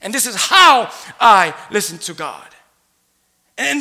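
A man preaching a sermon in a church, animated, laughing, and rising to shouts. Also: very high-pitched, measured pace. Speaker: pastor. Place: church sanctuary. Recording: long hall reverb.

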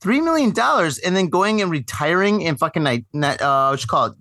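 Excitable man with a bright, dry voice. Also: high-pitched, a little fast, no room sound. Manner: excitable, profane, gropes for words. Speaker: podcast co-host. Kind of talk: casual chat.

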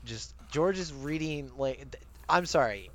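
A man co-hosting a casual podcast chat, animated, swearing casually and laughing often. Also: mid-range voice, moderate pace. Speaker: podcast co-host. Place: lives near Maryland.

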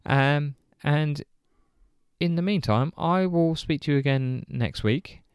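A man's voice: fairly high pitch, clear, resonant tone, no echo, studio quality. A man co-hosting a podcast, giggling often and rattling through the sign-off. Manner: giggly, quick sign-off talk. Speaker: podcast co-host. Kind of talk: casual chat.

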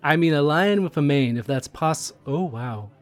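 An actor playing a friendly, chatty train conductor in an audio drama role-play, curious and easily excited. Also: male voice, on the high side, normal speed, lightly acted.

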